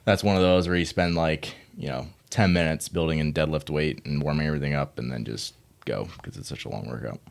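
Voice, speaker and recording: A man with a very low, deep voice talks casually about workouts he wrote as a gym coach. He rambles a little, leaning on fillers as he thinks aloud. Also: a little fast, creaky. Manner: relaxed, rambling with many fillers. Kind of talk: casual chat.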